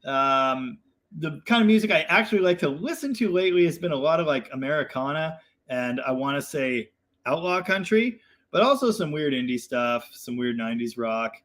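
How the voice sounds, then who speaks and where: A man's voice: fairly high pitch, animated, moderate pace, a bit bright. A young man hosting a casual live chat, reading viewer comments and rambling in a self-deprecating way with lots of fillers.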